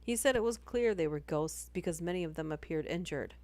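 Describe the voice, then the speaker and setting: A woman's voice: fairly low pitch, lively intonation, a little fast, darkish tone, no room sound. A woman reading ghost stories aloud on a livestream in a casual, chatty way, breaking off into giggles between passages.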